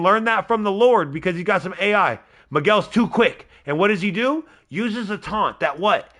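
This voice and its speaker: A man with a nasal voice hosting a live wrestling video game stream, giving excitable, rambling play-by-play and chatting to his viewers. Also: high voice, normal speed, few pauses. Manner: excitable, rambling, talks to a chat member by name. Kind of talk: casual live gameplay commentary.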